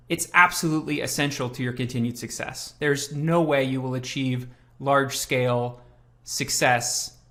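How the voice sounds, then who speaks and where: A man's voice: medium pitch, bright, forceful tone. A man speaking as a guest on a live webinar, emphatic and running through lists of points.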